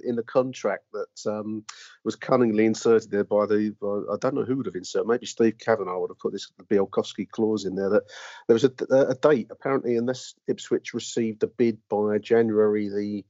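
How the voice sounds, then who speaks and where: A man's voice: on the low side, dark tone, no echo, lo-fi sound. A man hosting a casual football podcast, rambling with lots of fillers and restarts. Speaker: podcast host.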